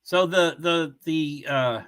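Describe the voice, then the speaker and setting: A man hosts a relaxed livestream, reading viewers' comments aloud in a loose, blunt way. His voice is high for a man, bright and forward, picked up by a computer mic with a clean tone, and he speaks slowly.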